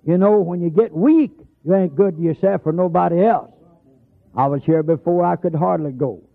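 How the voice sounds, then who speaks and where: A man preaches in a folksy storytelling way, his voice rough and gravelly and pitched a bit high. He punches out scripture lines with emphasis. The old tape sounds thin and phone-like. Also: normal speed. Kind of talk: holiness sermon.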